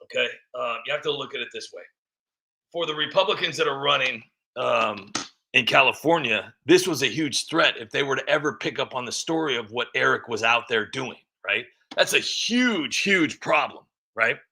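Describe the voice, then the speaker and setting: A man's voice: mid-range voice, lively intonation, normal speed, creaky, sharp tone. A man giving a rambling, mocking political commentary with many fillers. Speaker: vlogger.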